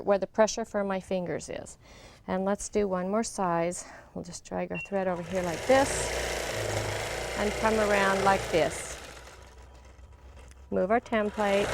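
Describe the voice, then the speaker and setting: A woman teaching longarm quilting, narrating each step chattily as she stitches in her studio. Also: fairly high pitch. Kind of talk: hands-on demonstration. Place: quilting studio beside a running longarm machine. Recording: steady machine noise behind the voice. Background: longarm sewing machine hum.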